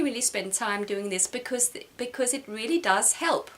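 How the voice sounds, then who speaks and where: A middle-aged woman sharing a personal reflection in a halting way, with many restarts, close to tears. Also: fairly high pitch, lively intonation, fairly bright tone. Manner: halting, repeats words, emotional. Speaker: vlogger.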